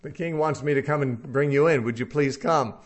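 A man's voice: medium pitch, brisk, natural voice. A man voicing a nervous, apologetic soldier commander who begs not to be harmed, in a loose, plain voice. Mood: pleading. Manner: begging, apologetic.

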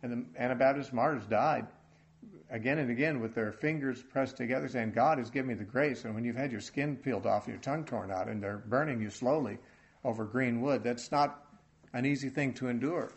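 Earnest male Bible teacher. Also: mid-range voice. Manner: earnest, halting, with many restarts. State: choked up with emotion. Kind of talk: sermon.

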